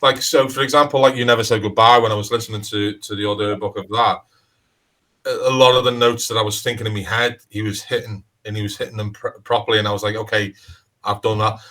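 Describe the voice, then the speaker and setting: A man's voice: on the low side, steady tone, quick pace, sharp tone, low-quality recording. A man with a Liverpool accent talking in a casual interview as a crime author, rambling and restarting sentences with lots of "you know". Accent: Liverpool (Scouse). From Liverpool, England.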